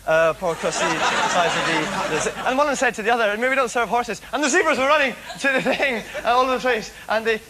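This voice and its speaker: Male comic, high quick voice, giggly rambling delivery, noisy recording. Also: animated, a loud crowd. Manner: manic, giggly, rambling with many restarts. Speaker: comedian host. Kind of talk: rambling stand-up storytelling.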